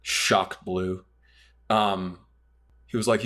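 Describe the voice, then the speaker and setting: A man's voice: fairly low pitch, unhurried, a bit bright. A man casually telling a long personal story on a podcast, loose and rambling with plenty of fillers. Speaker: podcast guest.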